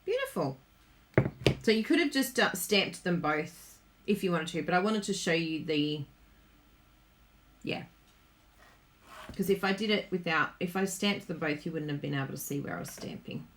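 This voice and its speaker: Bubbly Australian woman, lively and bright. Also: fairly low pitch, normal speed, pauses often, a little hiss or hum. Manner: chatty, giggly, reads viewer comments aloud. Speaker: card-making host. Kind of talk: live-streamed crafting demo.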